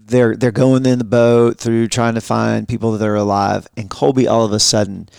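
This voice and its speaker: A man in his thirties co-hosting a casual podcast, his voice gravelly with a bit of fry. He tells stories in an animated way and pokes fun at himself. The sound is dry and close. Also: lowish voice, moderate pace, no room sound. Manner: animated storyteller, self-mocking. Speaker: pastor and podcast co-host. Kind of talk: casual storytelling chat.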